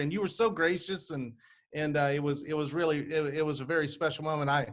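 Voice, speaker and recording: A man hosts a casual interview with a slightly raised pitch. He sounds friendly and halting. He often restarts and repeats words as he tells a story. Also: fairly even intonation, a bit bright. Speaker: podcast host.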